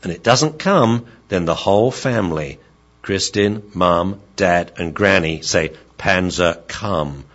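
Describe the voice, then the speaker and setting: A dog trainer talks in a low, husky voice that rises and falls with lively expression. He tells stories and acts out the people and pets in them. The recording is slightly dull and lo-fi. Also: measured pace. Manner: animated storytelling, acting out the people and pets in his stories. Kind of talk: lecture-style talk.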